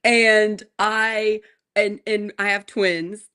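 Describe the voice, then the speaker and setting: A woman in her forties, co-hosting a morning show, telling a family story in a lively way and laughing often. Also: medium pitch, drawn-out words, clean tone. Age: 40s. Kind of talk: casual chat.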